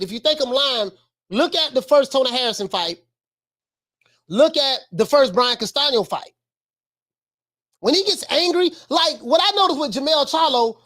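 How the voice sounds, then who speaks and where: A woman hosting a live stream, reacting to a video with excited commentary. She laughs often and repeats her phrases. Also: sits high.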